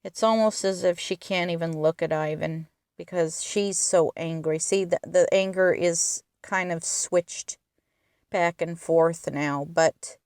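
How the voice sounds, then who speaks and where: A woman's voice: fairly low pitch, a little mellow, smooth, dry recording, clean studio sound. A woman retelling a film's plot in earnest detail, stressing its emotional moments. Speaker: film reviewer.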